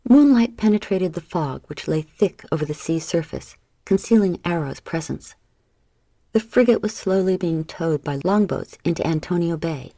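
Low-voiced woman narrating an audiobook. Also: lively intonation, normal speed, dark tone, no room sound. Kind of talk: scripted narration.

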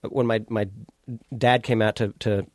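A middle-aged man co-hosting a podcast, teasing his friend and jumping in with quick, profane remarks. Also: on the low side, little pitch movement, darkish tone, no room sound, clean studio sound. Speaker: podcast co-host. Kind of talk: casual chat, interjecting and teasing.

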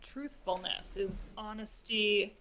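A woman co-hosting an investing podcast in casual chat, eager and quick to jump in. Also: mid-range voice, bright, forceful tone. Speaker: podcast co-host. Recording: dull lo-fi sound.

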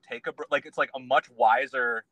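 A man's voice: mid-range voice, fairly even intonation, brisk, a bit bright, no room sound, rough recording. A man, a guest on a podcast, talking in a casual conversation and telling his story in an earnest, meandering way.

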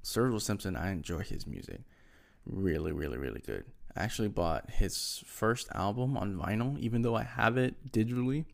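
Rambling man with a gravelly voice. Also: fairly low pitch, animated, moderate pace. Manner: rambling, loses names, many fillers. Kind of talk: casual solo chat.

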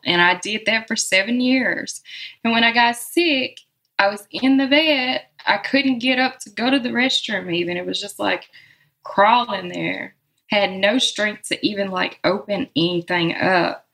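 Slow-talking woman, heartfelt. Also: mid-range voice, vocal fry, a bit bright. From Southern United States. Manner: slow, heartfelt, laughs often. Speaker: musician guest. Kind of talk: reflective interview conversation.

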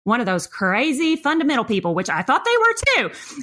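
A middle-aged woman telling a story in an animated, expressive way. She acts out the people she quotes with big leaps in her voice. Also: high-pitched, normal speed.

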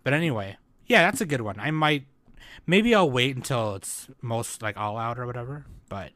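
A man's voice: medium pitch, expressive, moderate pace, a bit bright, no room sound. A man co-hosting a casual chat about anime, rambling with lots of fillers and bursts of laughter. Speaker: podcast co-host.

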